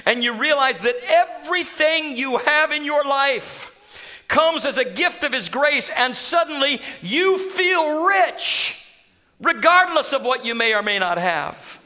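A man preaching a sermon, telling a scripture story with animated humor. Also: extremely high pitch, unhurried. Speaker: pastor.

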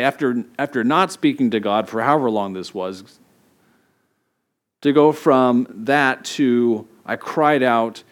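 Male pastor, sermon, animated storytelling, acted-out quotes, middle-aged. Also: medium pitch.

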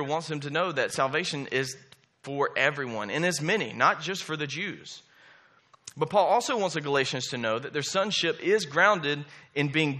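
Bright-voiced preacher man. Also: a little high. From Southern US. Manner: emphatic, repeats key phrases and checks in with "okay?" and "right?". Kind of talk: sermon.

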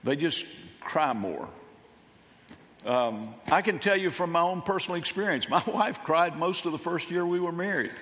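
Older male pastor, sermon, folksy halting delivery, slightly high voice, long reverb. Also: animated, a bit bright. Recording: long reverb of a church hall.

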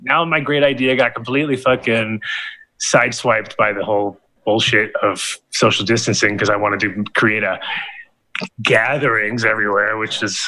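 A man's voice: fairly low pitch, steady tone, moderate pace, sharp tone, low-quality recording. A man hosting a podcast in casual chat, rambling and swearing with lots of fillers and restarts. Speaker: podcast host.

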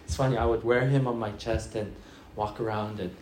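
Animated pastor preaching in an echoey room. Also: male voice, lowish voice, a little fast, slight background noise. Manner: storytelling, animated with acted-out quotes. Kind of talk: sermon.

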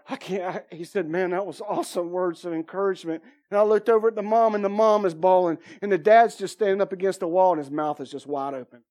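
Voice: medium pitch, a little mellow. Preacher sharing a personal testimony in a sermon, telling the story vividly and voicing each person's lines. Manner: vivid storytelling with repeated phrases, acting out dialogue.

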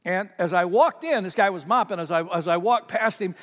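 A man's voice: sits high, a little fast. A male pastor preaching a sermon in a conversational storytelling way, often repeating his words. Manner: conversational, repeats words, laughs at own stories. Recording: long reverb of a large hall.

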